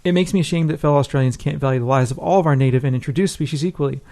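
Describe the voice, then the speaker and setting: Fast-talking male podcast host. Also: a little high, creaky, darkish tone. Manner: quick, informal, reads listener emails. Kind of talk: casual podcast chat.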